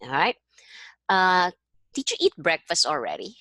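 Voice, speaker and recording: A woman's voice: on the low side, big pitch swings, a little slow, pushed and bright, no room sound. A woman language tutor, a native Tagalog speaker, giving a one-on-one online lesson. She is encouraging and checks understanding with a frequent "okay?". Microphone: video call.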